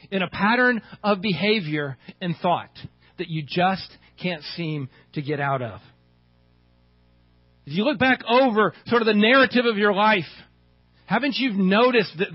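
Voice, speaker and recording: Male pastor, sermon, conversational, lots of rhetorical questions; husky, dry close sound. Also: high voice, no echo, highs cut off. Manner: conversational, asks the audience many rhetorical questions.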